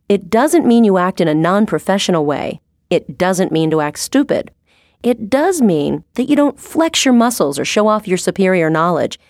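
Low-voiced woman narrating a training script. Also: darkish tone, no echo, studio quality. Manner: clear, explanatory, read from a script.

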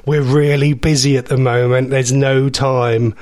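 A man's voice: medium pitch, little pitch movement, measured pace, darkish tone, no echo, clean studio sound, lightly acted. A man impersonating a famous female pop star who politely turns down an invitation. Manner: polite, slightly put-out refusal.

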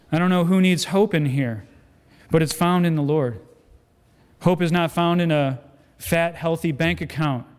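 A man preaching a sermon as a guest speaker, animated storytelling with acted-out quotes and self-deprecating humor. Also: a little high. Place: church sanctuary. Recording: long church hall reverb.

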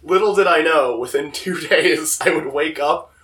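A young man with a slightly hoarse voice, telling stories casually on a podcast with lots of "like". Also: on the high side, moderate pace, a bit bright. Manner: rambling, lots of "like". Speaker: podcast co-host. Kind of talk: casual storytelling chat. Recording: voice distant from the mic.

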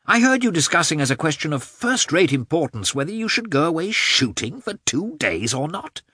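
A man's voice: on the high side, very animated, normal speed, pushed and bright, slightly rough, dry recording, studio quality, voice pushed up, heavily acted. A man voicing a worldly, jovial middle-aged nobleman who talks in a breezy, persuasive, lecturing way.

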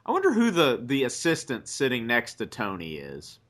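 Male podcast co-host, bright and forceful voice, relaxed joking commentary. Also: medium pitch, moderate pace. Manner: laughs often, swears casually. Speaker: podcast co-host watching old wrestling. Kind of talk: casual chat, watch-along commentary.

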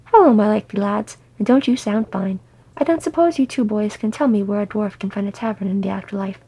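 A woman voicing a cheeky old male dwarf thief, loud, chummy and wheedling. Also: mid-range voice, brisk, husky. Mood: boisterous.

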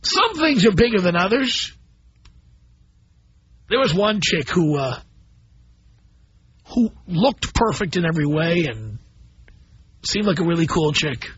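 A middle-aged man hosting a call-in radio show, blunt and animated as he tells stories to his listeners. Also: sits high, unhurried, pauses often, a little hiss or hum. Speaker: radio talk show host. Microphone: studio microphone. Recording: dull broadcast audio.

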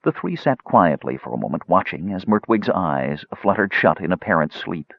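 A man narrating an audiobook in a measured storytelling manner. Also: low voice, sing-song, vocal fry, breathy edge, dry recording, muffled recording.

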